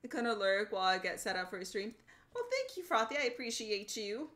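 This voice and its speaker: A young woman chatting live while she plays a game, bubbly and quick to giggle. Her pitch swings widely as she greets viewers and gushes about characters. It is a relaxed, casual streaming voice. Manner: bubbly, giggly and animated, greeting chat by name.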